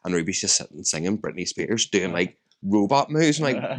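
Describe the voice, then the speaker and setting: Casting note: Northern Irish man, thirties, lowish voice, teasing storyteller co-host. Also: very animated, fairly quick. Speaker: podcast co-host. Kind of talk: casual chat. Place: DJ studio.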